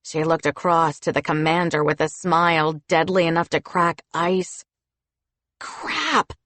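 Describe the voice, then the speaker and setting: A woman narrating an audiobook in the first person, in an expressive storytelling manner. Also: sits low, normal speed, no echo.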